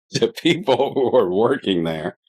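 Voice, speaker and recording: A man's voice: medium pitch, lively intonation, takes it slowly, a little mellow, breathy edge. A middle-aged man from the Middle East, a podcast guest, telling a story in a chatty way, laughing often and trailing off into fillers. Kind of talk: casual storytelling.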